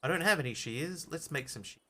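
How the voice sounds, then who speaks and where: A man's voice: a little high, expressive, fast, background noise. A man streaming a game live, chatting casually, thinking aloud and answering his viewers as he plays.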